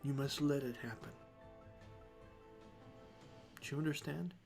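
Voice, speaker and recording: A man voicing a regal, mystic female humanoid creature in a tabletop game, speaking softly and hushed. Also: mid-range voice, unhurried, creaky, soft background music. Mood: gentle, soothing. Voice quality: soft and hushed, near whisper. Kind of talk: tabletop game role-play.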